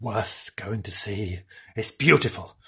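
A man hosting a comedy podcast, telling a mock-spooky tale in a drawn-out, theatrical way with laughing asides. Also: lowish voice, pushed and bright, slightly rough. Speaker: podcast host. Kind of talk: mock-spooky comic storytelling.

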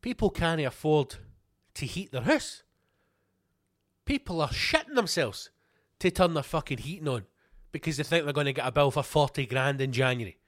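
A man's voice: a little high, expressive, moderate pace, long pauses, fairly bright tone, no room sound, studio quality. A Scottish man hosting a podcast, ranting angrily with heavy swearing and repeated rhetorical questions. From Scotland. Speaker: podcast host. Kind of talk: ranting monologue.

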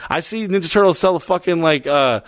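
A man's voice: fairly high pitch, brisk, no room sound. A young adult man co-hosting a podcast, rambling profanely through crude comedic banter. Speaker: podcast co-host.

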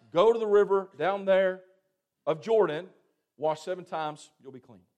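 A man preaching with a high-pitched voice. He tells the scripture in a folksy, dramatic way, acting out the characters and calling for amens from the congregation. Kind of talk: sermon.

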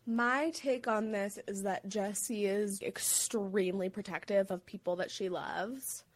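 A woman co-hosting a podcast, recapping episodes in casual chat and giving measured, reasoned takes that weigh both sides. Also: medium pitch, fairly even intonation. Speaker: podcast co-host.

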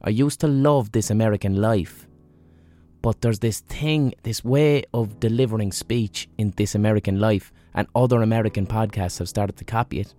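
Running a fever and feeling unwell, a podcast host rambles through a solo monologue, blunt and full of swearing. His voice sits fairly low and sounds mellow at a moderate pace.

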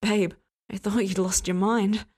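A woman's voice: medium pitch, steady tone, a little slow, husky. A woman doing a tender, protective young man. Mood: teasing. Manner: soft, soothing, murmured.

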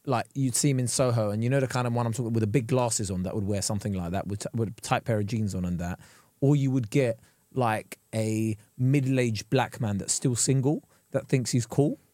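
A man's voice: medium pitch, a little fast, warm tone, no echo. A man co-hosting a podcast, joking around and laughing often in casual chat. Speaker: podcast co-host.

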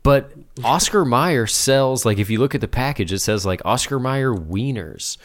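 A man's voice: medium pitch, expressive, normal speed. A man co-hosting a casual podcast chat, musing aloud and asking playful questions. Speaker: podcast co-host.

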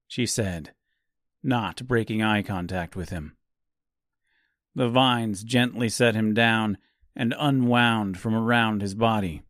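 Slow, measured male audiobook narrator. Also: fairly low pitch, fairly bright tone, no echo, studio quality. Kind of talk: dark fantasy audiobook narration.

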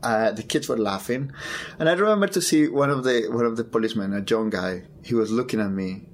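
A man, a photographer, telling a personal story in an interview, halting and repeating words as he searches for them. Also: mid-range voice.

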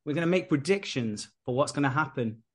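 A man's voice: a little high, lively intonation, a little fast. A British man hosting a podcast in casual, playful chat. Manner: playful, laughing. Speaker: podcast host.

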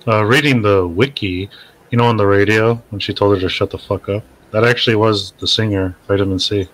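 A man's voice: on the low side, fairly even intonation, brisk, a bit bright, rough recording. A man on a casual movie review podcast, dropping in trivia and jokes. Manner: drops in trivia and jokes, chuckling.

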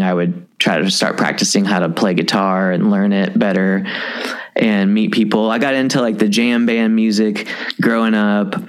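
A man in his thirties from Kentucky, a musician talking casually and rambling with lots of fillers. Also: on the low side. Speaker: musician guest. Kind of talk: casual conversation.

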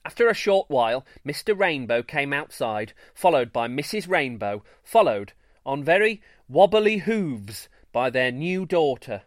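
A man reads a children's story aloud as the show's host, in a playful, expressive manner. His voice sits a little high and roams widely in pitch, and he takes his time, all recorded dry and close. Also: a little slow, no echo. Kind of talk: scripted children's story narration.

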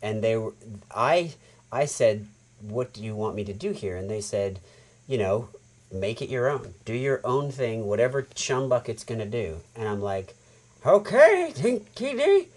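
A man with an American accent, a voice actor guest telling animated stories in a casual podcast chat. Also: lowish voice, moderate pace. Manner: animated storyteller, acts out quotes.

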